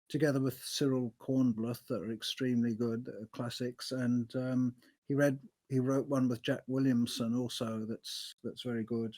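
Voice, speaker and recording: A man co-hosting a casual book discussion, speaking in a measured, thoughtful way. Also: mid-range voice, darkish tone. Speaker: book podcast co-host.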